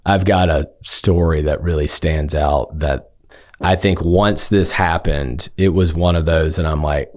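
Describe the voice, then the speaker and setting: Deep-voiced man telling stories. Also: measured pace. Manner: animated anecdote teller, hesitant restarts. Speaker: podcast guest, entertainment attorney. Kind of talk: casual storytelling interview.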